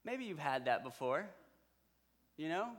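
A man's voice: a little high, very animated, measured pace, fairly bright tone. A man preaching a sermon, retelling a story in a conversational way and speaking directly to the men in his audience. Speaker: pastor.

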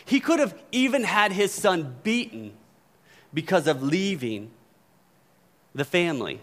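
A man's voice: sits high, animated, a little slow, a bit bright. A man preaching a sermon in a conversational way, often checking in with the congregation. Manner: conversational preaching, frequent "right?" asides. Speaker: pastor.

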